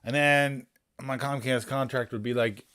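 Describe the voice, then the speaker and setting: A man's voice: medium pitch, steady tone, unhurried, a bit bright, smooth. A man, a poker streamer telling long rambling stories in casual, profane chat.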